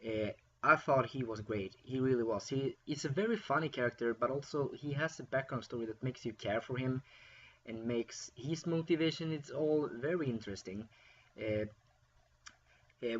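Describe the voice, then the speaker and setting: A man's voice: mid-range voice, lo-fi sound. A man giving a casual, rambling film review, with frequent fillers and restarts.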